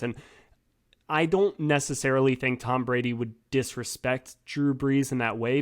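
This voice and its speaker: Man, podcast guest, sports writer, thoughtful hedging analysis, middle pitch. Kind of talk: casual sports podcast chat.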